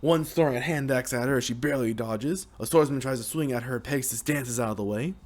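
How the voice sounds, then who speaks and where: A young man casually narrating the story of a video game, with restarts and a lively manner. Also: mid-range voice, fast talker. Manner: lively, hesitant retelling with restarts.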